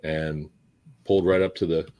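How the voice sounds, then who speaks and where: Very deep-voiced reflective ex-Marine man. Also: level tone, moderate pace, warm tone. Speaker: podcast host, former Marine. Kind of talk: casual reminiscing chat.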